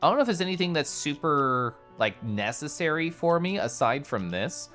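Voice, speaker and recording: Brief: excitable streamer, lively swooping voice, mumbles then bursts out, game music under it. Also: mid-range voice, moderate pace. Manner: chatty, excitable, reads chat aloud; swings from mumbled to loud bursts. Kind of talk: casual gameplay commentary.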